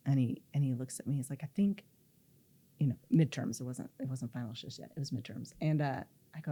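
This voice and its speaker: A brisk, rumbling low voice belongs to this middle-aged woman, a guest in an interview. Telling a story about herself, she gets animated and plays out each quoted exchange.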